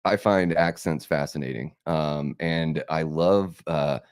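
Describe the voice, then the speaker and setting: A man with a West Coast American accent chats on a podcast in a loose, rambling way, laughing easily. His voice sits very low. The sound is dry and close, with no room around it. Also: slow, smooth, no echo. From Alaska. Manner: easygoing, rambling, laughs often. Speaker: podcast co-host. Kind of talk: casual chat.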